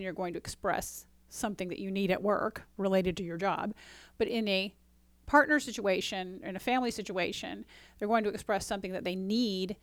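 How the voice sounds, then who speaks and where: A woman's voice: mid-range voice, dry recording. Relationship coach, woman, conversational, dry close sound. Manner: conversational, often asks "right?"; acts out dialogue in quotes. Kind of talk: casual teaching talk.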